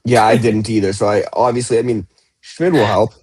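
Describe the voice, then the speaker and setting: A man's voice: fairly low pitch, steady tone, fairly quick, a little mellow, breathy edge, dry recording, clean studio sound. A young man co-hosting a casual sports podcast, talking in a chatty way and often restarting his sentences. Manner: chatty, with frequent restarts and fillers. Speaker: podcast co-host. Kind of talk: casual chat.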